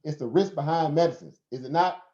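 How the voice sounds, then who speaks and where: A man's voice: fairly high pitch, fairly quick, mellow. Southern American man preaching on a live stream. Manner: preachy, rhetorical questions, laughs often. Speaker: host. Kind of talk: casual live stream talk. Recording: roomy, dull lo-fi stream audio.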